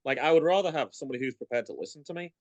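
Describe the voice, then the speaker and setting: A man's voice: mid-range voice, expressive, racing, a little mellow, no echo. A man talks through his views on a podcast, his voice rising and falling a lot. The sound is close and dry, and he laughs easily as he thinks aloud. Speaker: podcast co-host. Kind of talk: casual chat.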